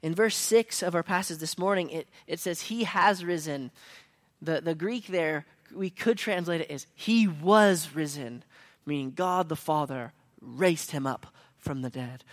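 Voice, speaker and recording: A man preaching a sermon as a pastor, telling a story that swings between hushed lines and emphatic ones. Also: a little high, normal speed.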